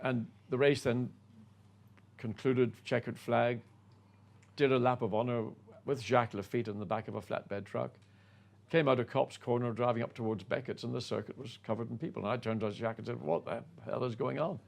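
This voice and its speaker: Gravelly older man reminiscing. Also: mid-range voice, fairly even intonation, a little fast, darkish tone. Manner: self-effacing storyteller. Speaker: guest, former racing driver. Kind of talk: reminiscing anecdote.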